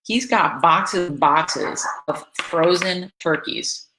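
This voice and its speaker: A woman vlogger from Florida tells a story straight to camera, chatty and animated, stopping and restarting as she goes. Her voice sits a little low for a woman. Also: slow, noisy background. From Florida, USA.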